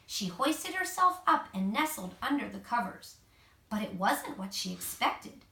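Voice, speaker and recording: Bright, animated mom reading a storybook. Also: female voice, on the high side, unhurried. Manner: expressive, gentle asides to the child. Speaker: mother reading to her child. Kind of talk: reading a picture book aloud. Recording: echoey room, mic at a distance.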